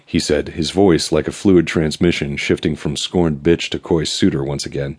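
A male audiobook narrator with a very deep voice reads a first-person novel. His delivery is dry, wry and even, with a husky, slightly breathy texture. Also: normal speed, hardly any pauses.

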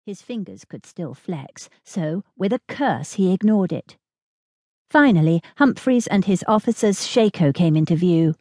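A woman narrating a historical romance audiobook in a steady, measured storytelling manner, recorded close in a studio. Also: lowish voice, dry recording.

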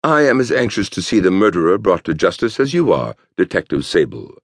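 Brief: unruffled cult leader, measured and booming, as a male narrator puts him on, husky texture. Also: no echo, studio quality, exaggerated voice. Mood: serene. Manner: stentorian, slow and calm. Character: tall hooded male cult leader, serene.

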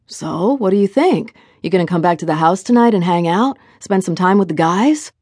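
A woman's voice: on the low side, lively intonation, normal speed, darkish tone, dry recording, studio quality. A woman voicing a charming, easygoing young man in an audiobook, affectionate and teasing. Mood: coaxing. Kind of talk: audiobook character voice.

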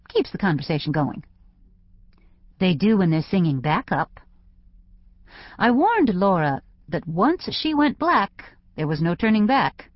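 A woman's voice: medium pitch, lively intonation, measured pace, no echo. A woman narrating a novel in first person, with wry conversational storytelling. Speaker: audiobook narrator. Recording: dry, slightly dull studio audio.

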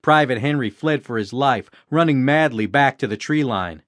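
Guy reading an audiobook, steady and even, mid pitch, dry close sound. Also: normal speed, dry recording. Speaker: audiobook narrator. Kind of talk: scripted narration.

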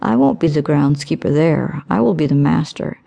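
A woman voicing a smug, manipulative young man who speaks in a suave, low, smooth voice. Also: lively intonation, normal speed, warm tone, heavily acted. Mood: smooth coaxing.

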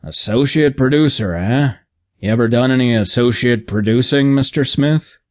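A man voicing a large, middle-aged station manager in an audiobook, talking in a gruff, blunt, bureaucratic way. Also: mid-range voice, moderate pace, darkish tone, close to an everyday voice. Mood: sardonic. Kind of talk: audiobook character voice.

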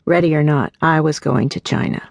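Gravelly-edged woman reading her memoir. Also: low voice, fairly quick, dry recording. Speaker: author narrating her memoir. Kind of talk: audiobook memoir narration.

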